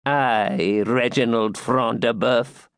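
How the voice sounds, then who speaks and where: A man reading aloud and voicing a vengeful, gloating old woman, slow, grim and mocking. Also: mid-range voice, clean tone, no room sound, studio quality. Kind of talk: audiobook character reading.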